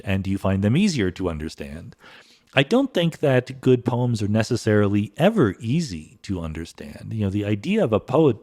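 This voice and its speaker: Middle-aged male podcast host, low voice, animated delivery, chatty explainer. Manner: thoughtful, conversational explaining with frequent fillers. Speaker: podcast host answering listener questions. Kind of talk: solo podcast monologue.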